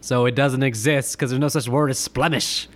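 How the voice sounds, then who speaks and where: A man's voice: medium pitch, fairly even intonation, moderate pace. A man co-hosting a podcast, chatting about movies in a teasing, playful way with silly bits. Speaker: podcast co-host. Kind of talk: casual movie chat.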